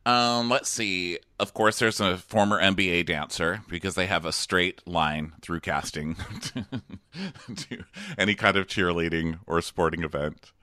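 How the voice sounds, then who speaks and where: A man's voice: low voice, measured pace, sharp tone, no room sound, studio quality. A man co-hosting a podcast, chatting sarcastically about a TV show and laughing often. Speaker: podcast co-host. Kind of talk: casual chat recapping a TV show.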